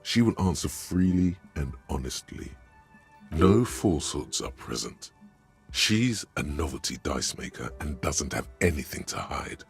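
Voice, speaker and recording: A solemn video game narrator who speaks from inside the hero's mind. His voice sits extremely low and gravelly with rough fry on every phrase. His delivery is grave and measured, with soft music under it. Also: very animated, heavily acted. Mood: ominous. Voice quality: very deep, gravelly.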